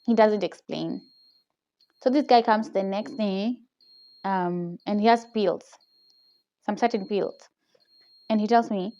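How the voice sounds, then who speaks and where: A woman's voice: mid-range voice, slow pace, pauses often, mellow, highs cut off. A young woman with a Kenyan accent tells a personal story in a casual vlog. She retells it with animation, often tags her lines with "okay?", and laughs often. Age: young adult. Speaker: vlogger. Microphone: phone camera.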